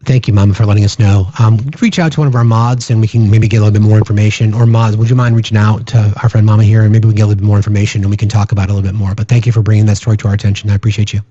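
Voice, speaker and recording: A man hosts a casual political livestream in a low, fairly flat, warm voice, talking rapid-fire with few pauses. The muffled recording has no echo, and he speaks earnestly, restarting often and tossing "right?" to his viewers.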